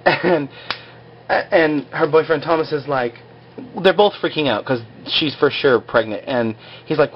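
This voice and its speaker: A man's voice: fairly high pitch, expressive, slow, long pauses, a little hiss or hum. A man casually recapping a TV episode in a rambling way, full of fillers, on a slightly dull lo-fi recording. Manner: rambling, full of "like" and "you know".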